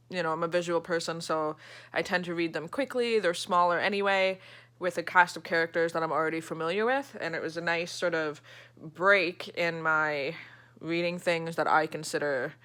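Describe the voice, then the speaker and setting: A woman's voice: fairly low pitch, bright, forceful tone. A woman book vlogger chatting casually about her reading, laughing often and swearing now and then. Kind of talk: casual vlog chat.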